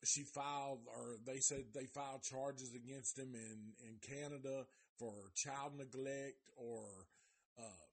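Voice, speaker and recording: Slow and breathy-edged, this man's medium-pitched voice belongs to a live show host reviewing a documentary series. He retells a story with animation and exaggerated character voices, his delivery loose, slangy and heavy on cursing.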